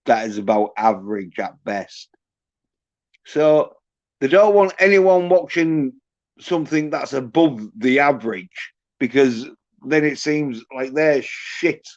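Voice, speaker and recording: A man's voice: medium pitch, darkish tone, no room sound. A man hosting a livestream, ranting with constant swearing. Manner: profane, ranting, heavy swearing. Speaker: livestream host. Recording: dull lo-fi stream audio.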